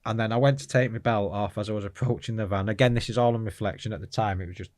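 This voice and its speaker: Interview guest, man, low voice, candid rambling storyteller. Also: steady tone, very fast, darkish tone, no room sound. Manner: earnest, frank, rambling storytelling.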